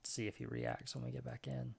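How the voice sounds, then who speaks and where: A man's voice: mid-range voice, brisk, creaky, slightly rough. A man narrating as game master, describing scenes in a loose, rambling way. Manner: relaxed, rambling description with fillers.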